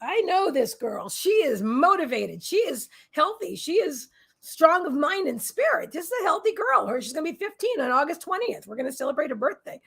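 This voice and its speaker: High gravelly-voiced woman livestreaming. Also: very animated, normal speed, a bit bright. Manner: rambling, emotional, many restarts; coos in baby talk to her pets. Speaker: psychic reader and healer, livestream host. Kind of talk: casual livestream chat.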